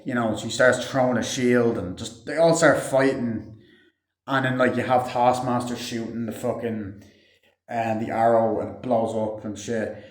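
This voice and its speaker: In a roomy, echoing space, a man rambles through a casual movie review, swearing heavily and sprinkling in lots of "like" and "um." His voice is medium in pitch with fairly even intonation, and he talks a little slowly.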